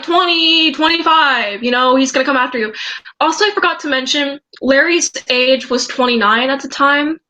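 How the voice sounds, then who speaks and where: A woman's voice: sits high, pushed and bright, low-quality recording. A teenage girl vlogger telling a story in a rambling, agitated way, with many restarts. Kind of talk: storytime vlog.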